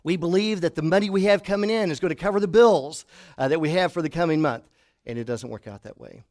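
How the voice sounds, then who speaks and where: A middle-aged pastor preaching a sermon to his congregation, telling stories and dropping to a hush for emphasis. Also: a little high, quick pace. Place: church hall before a congregation.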